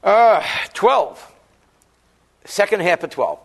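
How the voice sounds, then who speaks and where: A man with a high, sing-song, gravelly voice speaks slowly. He's a rabbi giving a chatty daily lesson on Jewish law, cracking jokes and mixing Hebrew terms into his explanations of Hebrew passages.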